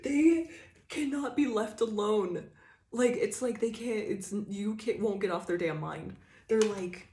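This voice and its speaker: A woman's voice: mid-range voice, unhurried, dark tone. Chatty woman reading tarot in a roomy space. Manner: rambling, chatty, laughs often, restarts a lot. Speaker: tarot reader. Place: room indoors by a window.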